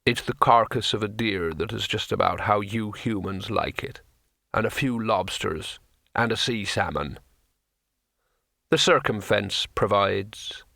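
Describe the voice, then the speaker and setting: A man reading an audiobook puts on a huge, gentle troll who speaks slowly and sorrowfully, weighing each word. The voice sits low and dry, with a bright, forceful edge. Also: creaky, no room sound. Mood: matter-of-fact. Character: huge gentle melancholy male troll sailor. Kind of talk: audiobook character voice.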